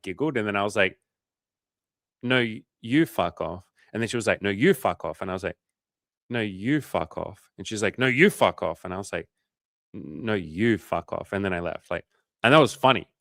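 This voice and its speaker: Guy, young, low-pitched and dry-miked; loose, sweary livestream coach chatting to viewers. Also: a bit bright, no echo. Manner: casual, swears freely, lots of filler "like". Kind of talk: casual livestream chat reading comments.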